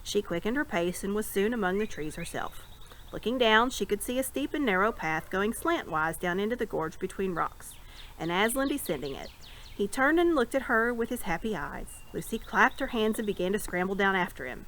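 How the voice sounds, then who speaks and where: A woman reads a novel aloud, her voice rising and falling in a lively way. A faint hiss stays under her voice throughout. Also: medium pitch, normal speed, low-quality recording. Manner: expressive storytelling. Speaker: reader.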